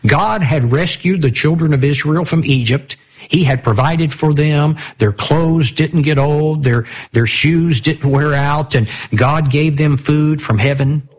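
Husky man teaching a Bible study. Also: on the high side, a little slow. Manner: asks the listeners rhetorical questions, reads verses aloud.

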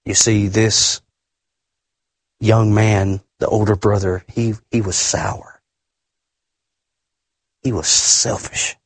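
Husky, emphatic male preacher. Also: little pitch movement, takes it slowly, long pauses, no room sound. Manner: emphatic, repeats words, big pitch swings. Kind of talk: sermon.

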